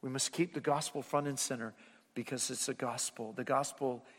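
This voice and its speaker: A man preaching a sermon, rising to loud emphatic lines and then dropping to hushed, low endings. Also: fairly even intonation, normal speed, slightly rough. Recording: long hall reverb.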